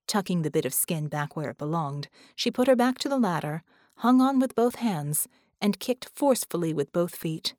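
A woman narrating an audiobook in a measured, steady reading voice. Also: on the low side, no room sound, clean studio sound. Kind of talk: scripted narration.

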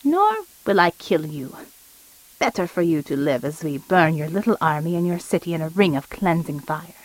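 A woman's voice: low-pitched, very animated, normal speed, no echo, voice pushed down, rough recording. A woman voicing a cold, menacing male shapeshifting villain with a clipped German accent, read in a dry, close recording. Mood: gloating. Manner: icy, threatening.

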